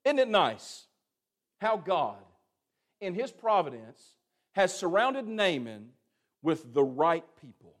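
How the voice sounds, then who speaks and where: Male preacher, high voice, folksy, theatrical, amen-seeking sermon delivery. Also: sing-song, slow, long pauses. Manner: folksy, dramatic, calls for amens and acts out the scripture.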